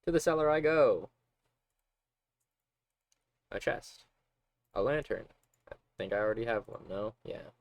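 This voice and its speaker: A man's voice: on the low side, lively intonation, unhurried, pauses often. A man streaming a game, reading its text aloud and joking with crude, self-mocking asides. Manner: joking and profane, laughs at himself. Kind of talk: casual game livestream, reading and commenting.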